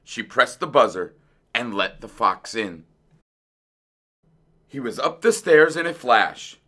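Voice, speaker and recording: Bright, expressive man reading a storybook. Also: mid-range voice. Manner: expressive, unhurried. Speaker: children's book reader. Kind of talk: read-aloud storytelling.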